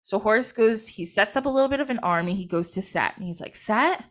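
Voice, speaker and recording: Animated woman retelling myths casually. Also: medium pitch, fast. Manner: retells myths in slangy modern quotes, laughs often. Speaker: podcast host. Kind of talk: casual storytelling.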